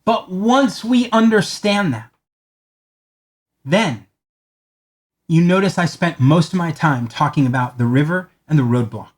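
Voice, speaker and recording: A man's voice: a little slow, pauses often. A man giving a talk on marketing, telling a long story in a conversational way and acting out the lines of the people in it. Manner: animated storyteller, acts out quoted lines in a higher voice; conversational, repeats words as he talks. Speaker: marketing speaker.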